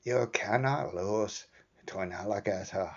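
A New Zealand man putting on a mock Irish accent to voice a rowdy male fight fan, slow and emphatic. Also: on the low side. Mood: insistent. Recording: dull lo-fi sound.

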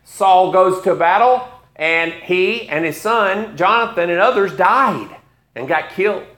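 A man's voice: high voice, animated, unhurried, a bit bright. A man in his fifties preaching a sermon, retelling a story with wry asides. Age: 50s.

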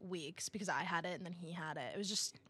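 Playful young woman, bright tone. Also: on the low side, quick pace, slightly rough. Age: young adult. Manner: playful, self-mocking banter. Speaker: podcast co-host. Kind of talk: casual chat.

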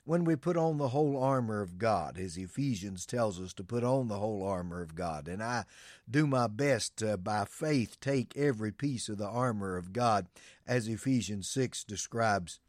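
A man's voice: fairly low pitch, normal speed, no room sound, clean studio sound. A male pastor preaching an earnest sermon, reading Bible verses and explaining them to the congregation.

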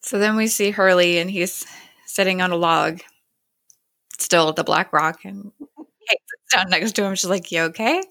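A woman with a fairly low voice retells a TV episode in relaxed, chatty paraphrase, dropping into quick little character voices. The sound is dry and close, with no room around it. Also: no room sound. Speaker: podcast host recapping a TV episode. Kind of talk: casual episode recap.

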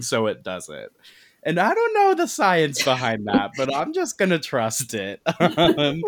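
A young woman casually retelling a movie plot as a podcast guest, chatty and giggly, acting out the characters' lines. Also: a bass voice. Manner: chatty, giggly, acts out quotes in voices.

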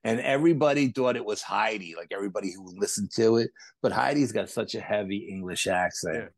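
Low-voiced man telling animated stories. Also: brisk, no room sound. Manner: animated anecdotes with acted-out quotes. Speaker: podcast guest, paranormal investigator. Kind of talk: casual storytelling interview.

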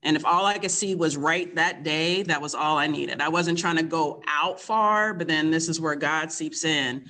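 Frank, bright-voiced woman in her fifties. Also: low voice, normal speed, few pauses. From Kentucky. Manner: candid, laughing, frank and warm. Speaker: guest, the host's mother. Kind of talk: casual storytelling conversation.

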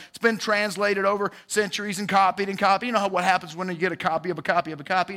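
Casual man in his forties, church testimony, calls out to the congregation, higher-pitched. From Georgia, US. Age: 40s. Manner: lively, casual, calls out to the crowd. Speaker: church speaker giving testimony.

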